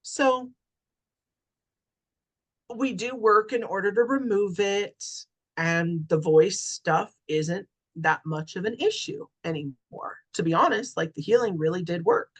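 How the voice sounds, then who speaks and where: A woman's voice: mid-range voice, lively intonation, unhurried. A middle-aged woman, a podcast guest, telling a personal story in a chatty way, with lots of "right?" and "like". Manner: chatty, many fillers like "right?" and "like". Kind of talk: casual storytelling.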